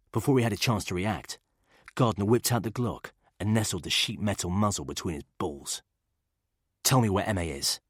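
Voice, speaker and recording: Deep husky-voiced male audiobook narrator. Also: fairly bright tone, no echo, clean studio sound. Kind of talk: scripted narration.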